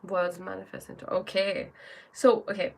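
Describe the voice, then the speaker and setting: A woman's voice: mid-range voice, level tone, normal speed, gravelly. A woman hosting a live stream who chats casually, greets viewers by name and reads oracle cards aloud, often restarting her sentences.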